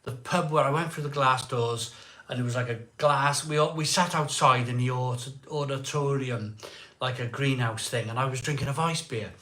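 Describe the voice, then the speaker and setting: A man's voice: mid-range voice, steady tone, normal speed, a bit bright. A man hosting a live beer stream, telling a rambling story in a chatty way, repeating himself and acting out what people said.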